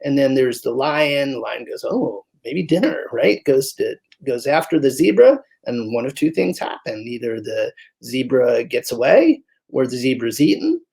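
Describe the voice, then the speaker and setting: Gravelly-voiced man telling animated stories. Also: medium pitch, moderate pace. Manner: animated storyteller who acts out voices. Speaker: guest physician. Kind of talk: conversational interview.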